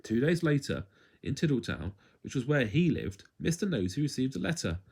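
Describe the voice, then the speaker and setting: A man reading a children's story aloud at home in an expressive, playful way. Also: medium pitch, moderate pace, gravelly, a little hiss or hum.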